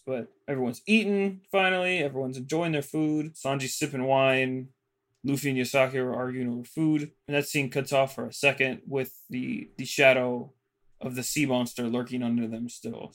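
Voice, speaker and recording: A man's voice: medium pitch, a bit bright. Casual man recapping episodes with fillers. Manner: loose storytelling with many fillers and quick paraphrased quotes. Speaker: podcast co-host.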